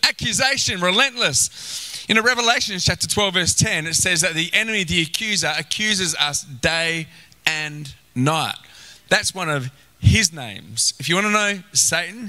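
A male pastor preaching a sermon, animated, acting out inner voices and exclaiming. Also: a little high, low-quality recording.

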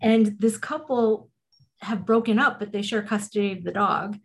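Woman, podcast co-host, gravelly voice, casual chat, lots of encouraging "right"s. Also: mid-range voice, moderate pace. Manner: encouraging listener, frequent "mm-hmm" and "right".

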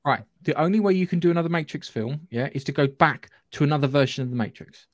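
A high-voiced man with a southern English accent chats about films on a podcast, animated and sweary, acting out scenes as he goes. His voice is recorded close and dry, with no room sound. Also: quick pace, no room sound. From England, Surrey area. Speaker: podcast co-host. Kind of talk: casual film chat.

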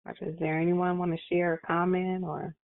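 A woman's voice: lowish voice, level tone, normal speed, gravelly. A woman hosting a prayer call, greeting callers and affirming them with repeated praise phrases. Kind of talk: casual phone call greetings. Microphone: phone. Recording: tinny phone line.

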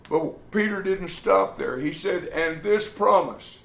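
A man preaches with a gravelly, somewhat high voice. His delivery is emphatic, and he voices quoted speech as he goes. The sound has the echo of a roomy space. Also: takes it slowly, fairly bright tone. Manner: emphatic, acts out quoted speech, occasional restarts. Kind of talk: sermon. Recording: echoey room.

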